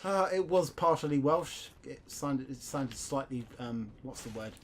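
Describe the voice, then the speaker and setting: A young British man co-hosting a game playthrough, easygoing and sweary, quick to agree. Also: medium pitch, animated. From United Kingdom. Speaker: let's play co-host. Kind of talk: casual gaming banter. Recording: faint background noise.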